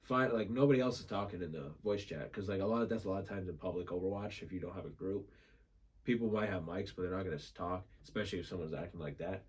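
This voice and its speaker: A man on a podcast as a guest, telling a story in a casual, animated way, laughing and swearing freely. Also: deep voice, fast talker, slightly rough.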